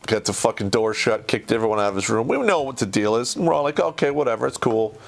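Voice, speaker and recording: A man's voice: fairly low pitch, sing-song, quick pace, gravelly. A man hosting a podcast who tells stories in a casual, rambling way and swears heavily. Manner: profane, rambling and conversational. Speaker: podcast host. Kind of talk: casual storytelling.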